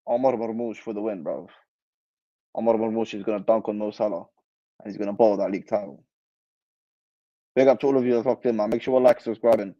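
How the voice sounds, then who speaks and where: A man's voice: on the low side, no echo, muffled recording. A young man hosting a football channel, chatting casually and reacting animatedly to live comments in slang. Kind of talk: casual livestream chat.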